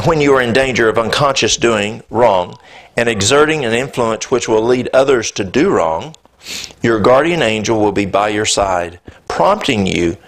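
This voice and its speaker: A man preaching a sermon, telling a personal story in a conversational, animated way. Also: medium pitch. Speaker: pastor. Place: church.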